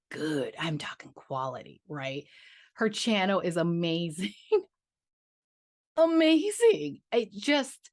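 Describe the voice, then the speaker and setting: Talking to her viewers about her budget, a woman vlogs in a chatty, gushing way, trailing off, restarting, and tossing in playful sung interjections. Her voice sits on the low side, with no room sound and clean studio audio.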